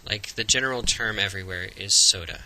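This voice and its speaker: A man's voice: lowish voice, bright, forceful tone, low-quality recording. A young man with a Floridian American accent, chatting casually and reading a word list in an accent tag video. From Florida, USA. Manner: chatty, upbeat, lists words slowly. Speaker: vlogger.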